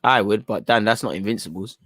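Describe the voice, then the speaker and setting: A man's voice: lowish voice, brisk, a bit bright, no room sound, studio quality. Chatty opinionated man commenting on a match. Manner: opinionated, chatty, often ends phrases with "man"; reads chat messages aloud and reacts. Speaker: football watchalong host. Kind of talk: live casual match commentary.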